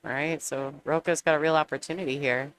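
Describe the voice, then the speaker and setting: A woman's voice: low voice, steady tone, fast, fairly bright tone, clean tone. A woman commentating a pool match, chatty and bantering, often laughing as she talks. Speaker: sports commentator. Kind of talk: casual play-by-play commentary.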